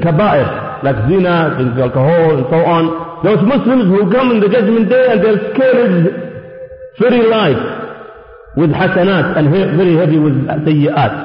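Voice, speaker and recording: A man giving a sermon as an Islamic preacher, emphatic, asking rhetorical questions and answering them himself. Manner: emphatic, rhetorical questions, swings high and low. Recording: echoey hall, dull lo-fi sound.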